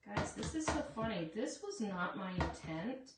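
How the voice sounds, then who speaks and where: A craft shop owner runs a relaxed live demo on stream, chatty and full of asides, addressing her viewers as "guys." She speaks unhurriedly at a medium pitch with big swings, and the recording is roomy and echoey, distant from the mic, with faint noise.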